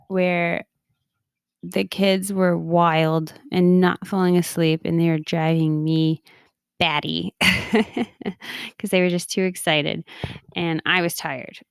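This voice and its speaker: A woman in her thirties who hosts a podcast and works as a coach chats casually about personal matters, often laughing at herself. Her lowish voice is gravelly yet clear, with a resonant tone, recorded cleanly in a studio without echo.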